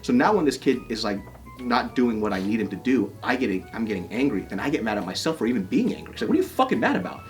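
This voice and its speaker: A man's voice: mid-range voice, expressive, fast, faint music behind. A man in his thirties telling stories in casual chat as a podcast co-host, profane and often laughing.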